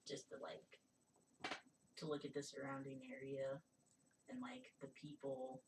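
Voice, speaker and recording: A woman playing in a tabletop game, describing her actions hesitantly and trailing off into fillers. Her voice is very low and she speaks slowly. She sits far from the mic, with faint noise behind her. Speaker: player. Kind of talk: casual role-play as a player.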